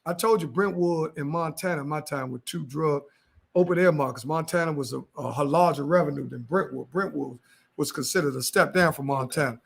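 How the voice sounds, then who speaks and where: A man's voice: a little high, fairly quick, gravelly, slightly rough. A man telling a street story on a podcast, heavy with slang and acted-out quotes. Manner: animated street slang, acts out quoted voices. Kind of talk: casual storytelling chat.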